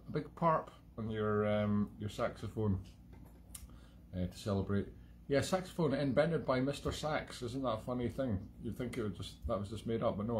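Hosting a music livestream from home, a Scottish man rambles casually and digressively, poking fun at himself. He has a lowish, darkish voice, and a little hiss or hum sits on the recording.

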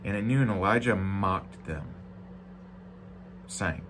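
A male pastor preaching a sermon, reading scripture aloud with joking asides, going from loud, emphatic lines to quiet, low-voiced reflection. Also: moderate pace, slight background noise. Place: church.

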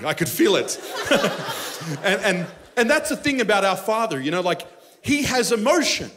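A man's voice: high-pitched, normal speed. A man preaching a sermon at a live church service, telling stories with humor and acting out voices. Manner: animated, humorous storytelling with impressions. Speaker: pastor.

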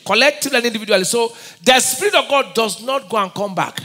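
A pastor with a Nigerian accent preaches in a large hall, his voice extremely high and his pace quick. He fires call-and-response questions at the congregation and breaks into sudden shouts.

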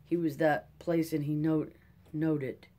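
Audiobook: reader as hushed, grave ex-preacher, dark tone. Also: mid-range voice, flat delivery, natural voice. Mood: solemn. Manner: quiet, grave, measured. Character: solemn former preacher, quiet grave man. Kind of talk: audiobook character reading.

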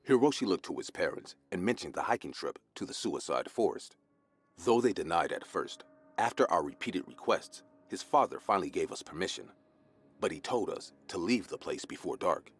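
A man reading a scripted horror story in the first person, in an even storytelling delivery. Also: low voice, normal speed, slightly rough. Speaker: narrator.

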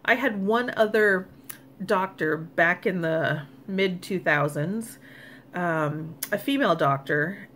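A woman's voice: lowish voice, slow pace, fairly bright tone, slight background noise. A middle-aged woman talking casually to her viewers in a personal vlog, frank and exasperated, speaking straight to the camera audience. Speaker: vlogger.

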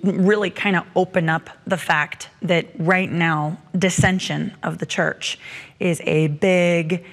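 Woman guest on a faith talk show, chatty and animated, acts out quotes, kind of echoey hall sound. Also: on the low side, takes it slowly. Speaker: guest author. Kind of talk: casual chat on a Christian talk show.

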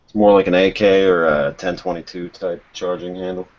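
A man's voice: low voice, steady tone, normal speed, a little mellow. A man talking in a dry, matter-of-fact way in a casual live chat. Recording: muffled online call audio.

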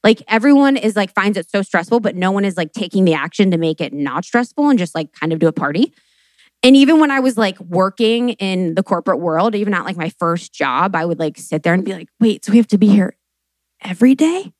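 A chatty woman in her late twenties hosts a live podcast, spilling stories in a lively rush. Her voice sits in a middle pitch and sounds dry and close, with no room echo. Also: fairly quick. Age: late 20s. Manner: animated and chatty, full of fillers and swearing. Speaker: podcast host.

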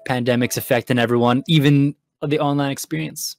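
A man's voice: medium pitch, steady tone, fairly quick, creaky. A man with a Canadian accent hosting an online esports broadcast, chatting casually with many fillers and restarts. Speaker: esports host. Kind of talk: casual game commentary.

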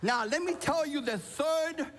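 A man from Cuba preaching a sermon, playful and animated, calling out to people in the audience. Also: very high-pitched, measured pace, big-room sound, a little hiss or hum. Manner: playful, animated, calls out to the crowd. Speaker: pastor. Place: large church auditorium.

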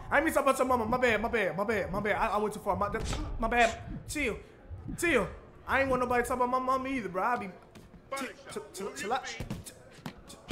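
A man trash-talking his opponent while playing a boxing game, taunting and grunting punch noises. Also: very high voice. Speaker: gamer streamer. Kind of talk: live trash-talking gameplay commentary.

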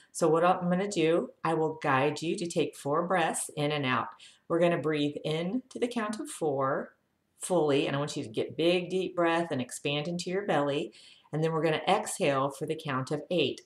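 A woman with a low voice leads a health lesson, walking viewers through breathing exercises. She guides calmly and counts each breath aloud. Her voice rings in an echoey room. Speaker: health educator.

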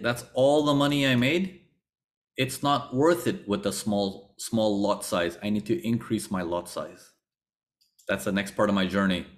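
A man teaching a trading webinar, telling his own story with acted-out thoughts and repeated phrases. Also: on the low side. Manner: animated storytelling, acts out his past thoughts. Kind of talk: webinar lecture.

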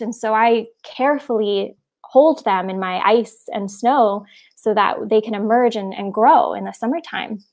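A woman's voice: fairly high pitch, darkish tone. A woman voicing a grieving female spirit of Winter who speaks through sobs, wounded and pleading.

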